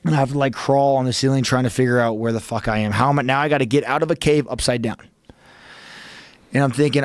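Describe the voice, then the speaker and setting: A man's voice: medium pitch, steady tone, fast talker, no echo. Intense, profane man telling a story. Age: adult father. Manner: intense, heavily profane, talks to himself in quoted self-talk. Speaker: podcast guest. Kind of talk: animated storytelling. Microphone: studio podcast mic.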